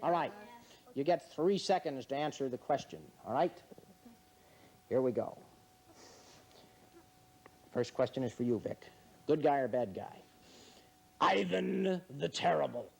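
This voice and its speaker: A man's voice: mid-range voice, measured pace, pauses often, warm tone. A man hosting a comedy quiz game in front of an audience, teasing the contestants with wry, mock-serious remarks. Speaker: game show host. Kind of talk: joking quiz-show hosting.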